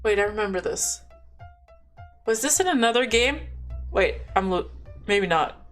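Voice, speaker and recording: A woman's voice: medium pitch, expressive, measured pace, faint music behind. A woman reading a visual novel aloud, breaking off with chatty asides. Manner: reads dialogue and narration, breaks off with chatty asides. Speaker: game narrator.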